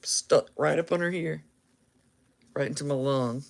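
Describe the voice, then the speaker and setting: A man's voice: on the high side, unhurried, creaky. A man casually telling a story, laughing often and acting out what people said.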